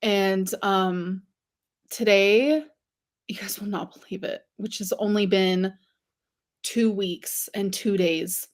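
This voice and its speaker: A woman's voice: medium pitch, takes it slowly. A woman chatting casually to viewers on a livestream, rambling with lots of fillers and giggles.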